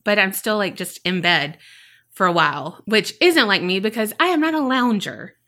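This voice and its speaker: A woman's voice: mid-range voice, lively intonation, normal speed, sharp tone. A woman, telling a personal story on a podcast and acting out her own past remarks. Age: 30s. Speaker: podcast co-host. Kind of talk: casual storytelling chat.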